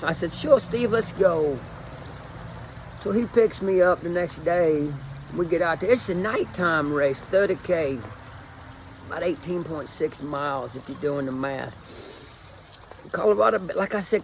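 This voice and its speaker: A man's voice: fairly high pitch, vocal fry, a little hiss or hum, low-quality recording. A man in his forties, a fitness coach, telling a rambling, self-mocking story in a put-on Cajun accent. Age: 40s. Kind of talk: casual storytelling video.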